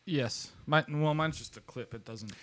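A man's voice: fairly high pitch, unhurried, a bit bright. A man co-hosting a podcast, playful and laughing along in casual chat. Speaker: podcast co-host.

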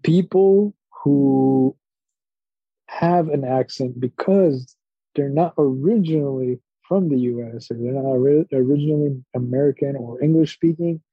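A podcast co-host whose first language is Spanish rambles through stories in casual chat, animatedly acting out the people in them with quoted voices and laughs. His mid-range voice is slightly rough at normal speed, with no room sound, on a dull lo-fi podcast mic.

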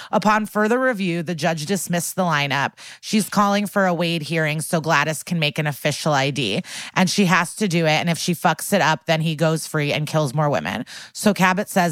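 A woman's voice: low-pitched, fairly bright tone, dry recording, clean studio sound. A woman co-hosting a podcast, casually retelling a TV episode and acting out the characters' lines. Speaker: podcast co-host recapping a TV episode. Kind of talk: casual chat.

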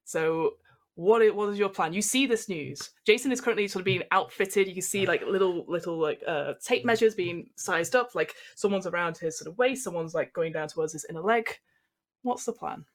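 A woman's voice: on the low side, brisk. A woman narrating as game master in a comedic tabletop game, chatty and giggly with lots of fillers.

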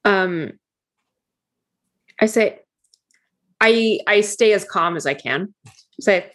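Brief: woman player, hesitant and giggly, mid-pitched. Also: expressive, slow pace, pauses often, a bit bright. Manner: hesitant, giggly, many fillers. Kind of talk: casual chat at a tabletop game.

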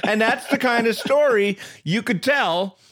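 Brief: teasing co-host, lively pitch, casual. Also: unhurried. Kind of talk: casual chat with segment links.

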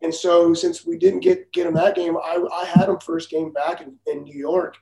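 A man, a former major league pitcher, telling blunt, profane stories in a casual talk and laughing often. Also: fairly even intonation, moderate pace, gravelly, roomy sound, a crowd in the background, low-quality recording. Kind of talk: casual storytelling.

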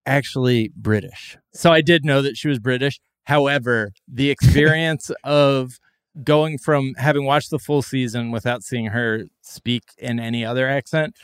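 A man's voice: medium pitch, normal speed, clear, resonant tone, dry recording. Joking male podcast host, dry sound. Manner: joking, deadpan asides, laughs often. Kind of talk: casual podcast chat.

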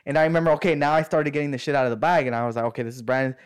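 A man's voice: a little high, racing, clear, resonant tone. A man casually telling friends a long story, rambling and slangy, acting out what others said. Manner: rambling, slangy, acts out quoted voices. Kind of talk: casual chat.

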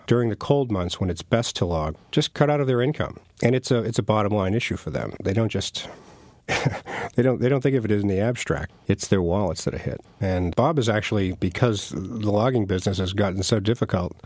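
A man's voice: fairly low pitch, animated, a little fast, a little mellow, no room sound. A middle-aged man, an author talking casually in an interview, rambling and chuckling. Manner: rambling, with many restarts and chuckles. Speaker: author guest.

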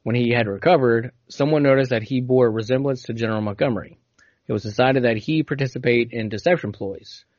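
A man's voice: mid-range voice, quick pace, a little mellow, no echo. Laid-back man telling a story. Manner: laid-back storytelling, stumbles over hard words. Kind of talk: casual chat, reading aloud. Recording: dull, dry lo-fi audio.

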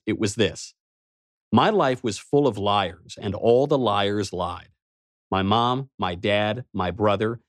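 A man's voice: medium pitch, darkish tone, no echo. A man narrating a first-person story in a wry, snarky manner. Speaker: audiobook narrator.

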